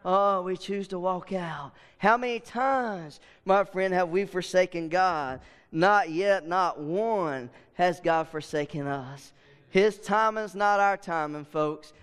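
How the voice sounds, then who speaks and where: A man preaching an impassioned sermon, swelling loud and dropping to a hush. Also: high voice, smooth. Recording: long hall reverb.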